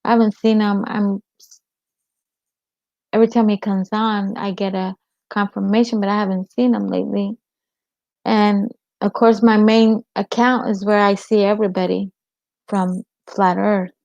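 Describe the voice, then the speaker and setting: A woman's voice: medium pitch, little pitch movement, measured pace, vocal fry, darkish tone, no echo. A woman hosting a casual livestream chat, rambling and answering viewers' comments by name. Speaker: livestream host. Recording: dull lo-fi stream audio.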